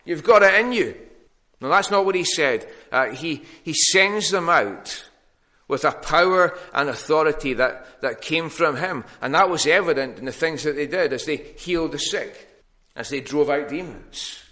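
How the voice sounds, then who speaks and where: A man's voice: a little high, expressive, normal speed, pushed and bright. Man preaching an earnest sermon. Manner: earnest, plain-spoken with frequent restarts. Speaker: pastor.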